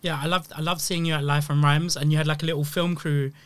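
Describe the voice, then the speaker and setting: A man's voice: fairly high pitch, flat delivery, fast talker, fairly bright tone, dry recording. A man co-hosting a podcast, chatting loosely with slang and many fillers. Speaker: podcast co-host. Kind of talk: casual podcast chat.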